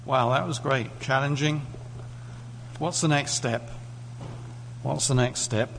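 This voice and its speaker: A man's voice: mid-range voice, fairly even intonation, slow, vocal fry. A man from the UK preaching a sermon in a conversational way, putting questions to the congregation. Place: church hall. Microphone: lectern mic. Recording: echoey hall, faint hum.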